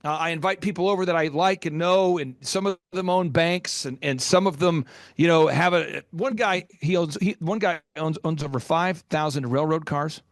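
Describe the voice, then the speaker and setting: A middle-aged man, a business coach guest, telling stories with passion and sometimes getting loud. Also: fairly high pitch, dry recording, clean studio sound. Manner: passionate, loud at times, rapid storytelling. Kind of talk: energetic storytelling interview.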